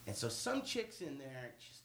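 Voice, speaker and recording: A man telling a story with lots of swearing, dropping to mumbles and then bursting out loud with laughter. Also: mid-range voice, sing-song, moderate pace. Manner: swings from mumbled asides to loud, laughing outbursts. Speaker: guest storyteller. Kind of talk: animated storytelling.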